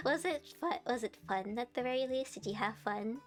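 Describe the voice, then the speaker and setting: A young woman with a high, light voice hosts a live stream, bubbly and quick to giggle. She teases her chat playfully while faint music plays underneath.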